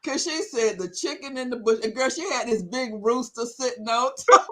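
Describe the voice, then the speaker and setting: A woman hosting a casual chat on a video call, telling stories with lively exclamations and easy laughter. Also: on the high side, moderate pace, slight background noise. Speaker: party host.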